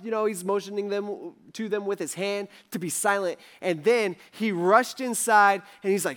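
A man's voice: high voice, moderate pace, fairly bright tone. A young man giving a casual sermon, telling stories in a chatty way, acting out people's words with lots of fillers. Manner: chatty, acts out characters in quotes, lots of fillers. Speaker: pastor.

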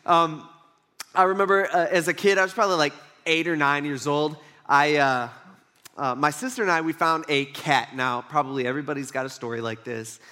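A man's voice: fairly high pitch, steady tone, fairly quick, pushed and bright. A male pastor preaching a sermon in a casual, conversational way, telling a personal story with lots of fillers. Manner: casual and conversational, many fillers, acts out quotes. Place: church.

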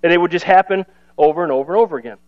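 A man's voice: on the high side, racing, muffled recording. A man pastor giving a sermon in a conversational, self-deprecating way, with playful asides. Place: church service.

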